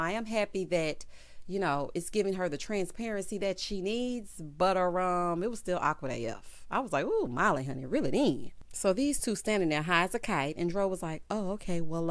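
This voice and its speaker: A woman's voice: mid-range voice, dry recording. Sassy woman recapping TV. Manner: sassy, laughs loudly, acts out characters' lines. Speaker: TV recap vlogger. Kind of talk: casual TV recap commentary.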